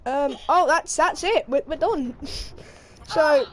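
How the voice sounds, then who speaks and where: A young woman streamer reading out a news story while gaming, animated and sweary, laughing as she goes. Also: sits high, slow pace. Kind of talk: casual commentary while gaming.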